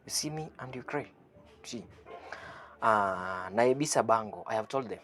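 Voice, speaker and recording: A man giving an online language lesson, saying phrases slowly, repeating them and translating each one, with a chuckle now and then. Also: fairly low pitch, lively intonation, fairly bright tone. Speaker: language teacher.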